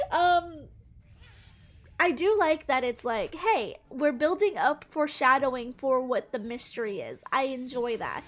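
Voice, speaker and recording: A young woman chatting casually while playing a game, rambling and often breaking into loud squeals and laughter. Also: high voice. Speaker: gaming streamer. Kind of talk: casual gameplay commentary. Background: game music.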